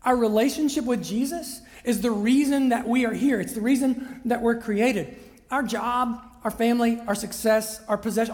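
A man with a very high voice and darkish tone preaches a conversational sermon as pastor, chatty and often asking listeners "right?" to check in. The recording has the long reverb of a large hall.

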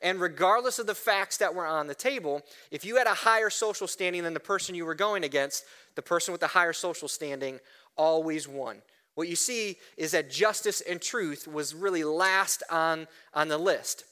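Man, pastor, sermon, high pitch, smooth clear tone. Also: normal speed. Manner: animated preaching with frequent restarts and "right?" asides.

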